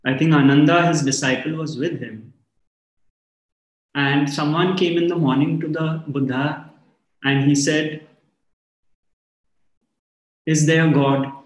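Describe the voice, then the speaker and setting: Calm, reflective man giving a spiritual talk. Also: a little high, unhurried. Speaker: spiritual teacher. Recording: echoey room.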